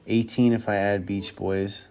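A man's voice: on the low side, little pitch movement, measured pace, dark tone, clean tone. Male solo podcast host; loose, rambling, profane, thinks aloud. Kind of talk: casual solo chat.

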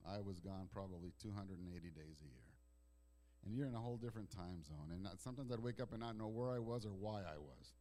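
A male pastor preaching a sermon in a conversational storytelling way. He drops to soft, hushed lines and then rises to loud, emphatic outbursts. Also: sits low, fast. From Italian heritage.

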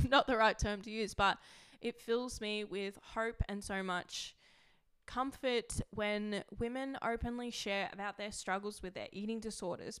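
Smooth-voiced young woman, confessional podcast monologue. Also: a little high, a bit bright. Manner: emotional, confessional, with frequent "like" fillers. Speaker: podcast host. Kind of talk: candid personal monologue.

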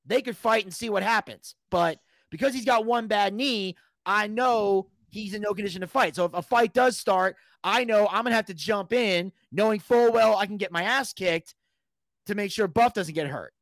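A man's voice: high-pitched, moderate pace, no room sound. A man telling a long story on a podcast as a guest, casually and with plenty of swearing, acting out what people said. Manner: animated, profane, acts out quotes.

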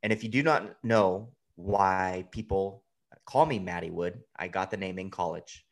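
A man in his thirties on a podcast, talking bluntly and swearing freely in casual chat. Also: sits low. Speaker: podcast guest, fantasy baseball analyst.

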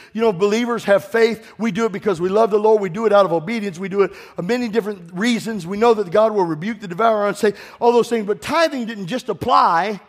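A pastor with a high voice delivers an impassioned church sermon, his delivery swelling into shouts. He addresses pointed questions straight to the congregation.

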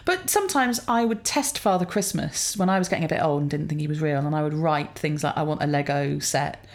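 Brief: woman, 40s, lowish voice, rambling chatty co-host, laughs at her own tales. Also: expressive, brisk. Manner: rambling, self-amused storytelling with fillers. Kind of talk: casual chat.

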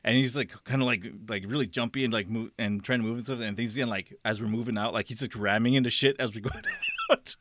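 A man on a podcast telling a long story in casual chat, rambling and animated, acting out what people said and laughing often. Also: mid-range voice, fast talker. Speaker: podcast co-host.

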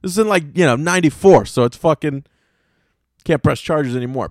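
A man's voice: fairly high pitch, big pitch swings, normal speed, no room sound, studio quality. A man hosting a podcast, telling a rambling, profanity-heavy story and often correcting himself mid-sentence. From North Carolina, US. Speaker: podcast host. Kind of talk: casual storytelling monologue.

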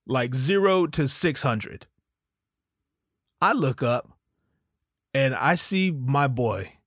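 Animated, profane man telling a story. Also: medium pitch, no echo, clean studio sound. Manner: animated, profane, laughs while telling stories. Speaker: podcast host. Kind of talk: casual storytelling monologue.

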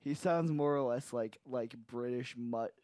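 A man's voice: medium pitch, unhurried, darkish tone, no room sound, studio quality. A man co-hosting a podcast, chatting casually with crude jokes and rambling restarts. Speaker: podcast co-host. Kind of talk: casual chat. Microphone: studio podcast mic.

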